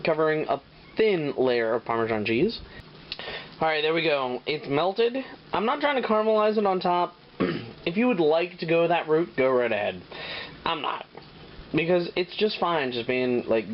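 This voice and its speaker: A man's voice: on the high side, lo-fi sound, a little hiss or hum. A man hosting a casual home cooking show, swearing and joking as he talks. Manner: profane, joking, rambling. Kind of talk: casual cooking demo with crude jokes. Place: home kitchen.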